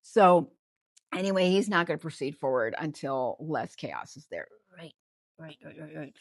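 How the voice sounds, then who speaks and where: A woman hosting a casual reality-TV gossip recap, chatty and animated, often trailing off and restarting her thoughts. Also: low voice, moderate pace, no echo. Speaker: ventriloquist host.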